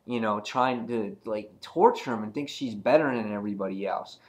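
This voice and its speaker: A man's voice: lowish voice, normal speed. A man giving a casual comic book review, chatty and rambling with many ums and uhs.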